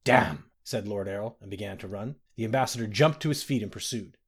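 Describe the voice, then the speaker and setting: A man's voice: on the low side, fast, husky. Man narrating a dramatic audiobook. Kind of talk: audiobook narration of fantasy fiction.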